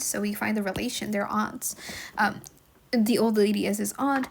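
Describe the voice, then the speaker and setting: A woman's voice: mid-range voice, fairly even intonation, moderate pace, creaky. A woman reading a classic novel aloud and explaining it as she goes, in a chatty, musing way full of fillers. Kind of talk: read-aloud lesson with commentary.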